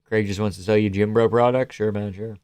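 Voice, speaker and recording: A man's voice: fairly low pitch, fairly even intonation, brisk, a little mellow, clear, resonant tone, dry recording. A man hosting a live stream, giving casual, joking reaction commentary on fights, swearing often and reading chat aloud.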